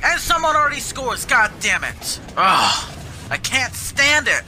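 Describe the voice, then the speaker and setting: Gamer guy, high voice with big pitch swings, angry profane ranting over game music. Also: sing-song, measured pace. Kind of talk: gameplay commentary.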